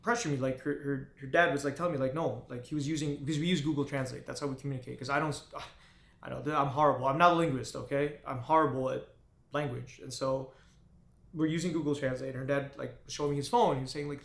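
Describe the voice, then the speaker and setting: A man telling an emotional personal story to camera, halting and full of restarts. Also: on the high side, a bit bright. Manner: halting, with frequent restarts and fillers. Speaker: vlogger. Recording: echoey room.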